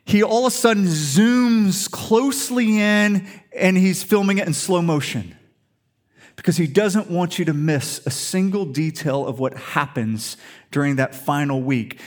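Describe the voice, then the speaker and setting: A man's voice: a little high, unhurried. A man preaching a sermon in an emphatic storytelling way, full of rhetorical questions. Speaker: pastor.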